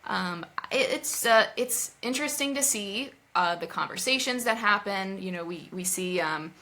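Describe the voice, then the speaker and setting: A woman's voice: medium pitch, animated, normal speed, bright, forceful tone. A woman co-hosting a podcast, chatting casually about a TV show with many fillers and restarts. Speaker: podcast co-host. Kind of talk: casual chat.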